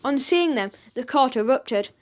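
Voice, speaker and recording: A woman narrating a children's audiobook in a lively, expressive reading. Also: high voice, measured pace. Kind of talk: storybook narration.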